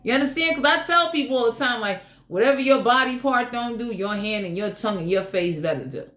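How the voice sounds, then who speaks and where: A woman's voice: fairly high pitch, brisk, a bit bright, reverberant. A woman giving a casual general tarot reading in a blunt, crude, joking way, swearing freely. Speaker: tarot reader.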